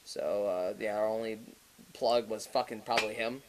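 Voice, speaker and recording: A man's voice: lowish voice, steady tone, moderate pace, background noise. A young man, a podcast co-host, telling a long story in casual, profane chat and often laughing as he goes.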